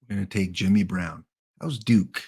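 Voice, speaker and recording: A man's voice: sits low, normal speed, dark tone, husky. A man hosting a live game stream, thinking aloud as he picks players and chatting to his viewers. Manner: thinks aloud while picking cards, mutters names; chatty asides to chat viewers. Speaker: livestream host. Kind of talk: live gameplay commentary.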